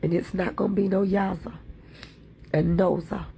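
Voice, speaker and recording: A woman's voice: fairly low pitch, steady tone, moderate pace, gravelly, mellow, slight background noise. A woman livestream host talking in a fervent, preachy way, repeating her points over and over. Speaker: livestream content creator. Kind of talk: impassioned livestream talk.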